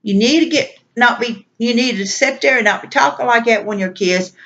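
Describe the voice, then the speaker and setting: A woman's voice: a little high, normal speed, a bit bright. A woman vlogger venting in an exasperated, repetitive rant. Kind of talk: venting monologue. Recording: dull lo-fi recording.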